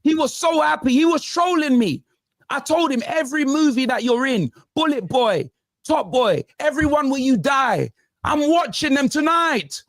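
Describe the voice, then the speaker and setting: A high, wildly swinging male voice, ranting about football on a panel. He fires off slang-laden complaints in a restless rhythm. The sound is dry and close, with no room around it. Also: moderate pace, no echo. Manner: animated ranting with London slang. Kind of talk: heated football banter.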